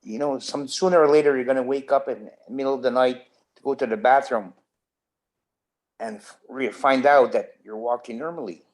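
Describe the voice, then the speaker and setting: Canadian guy in an interview, earnest, keeps restarting his sentences, middle pitch. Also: moderate pace. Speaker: interview guest. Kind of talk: casual interview.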